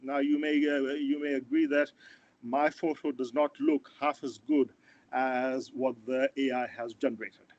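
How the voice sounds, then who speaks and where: A man giving an online startup pitch, earnest and hesitant, with frequent fillers and restarts. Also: little pitch movement, a little slow, darkish tone. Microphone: video call. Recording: dull, dry video call audio.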